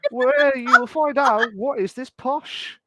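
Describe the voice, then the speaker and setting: A man's voice: very high-pitched, measured pace, a bit bright, a little hiss or hum. A man co-hosting a casual podcast, teasing and playful, often saying to be fair. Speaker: co-host.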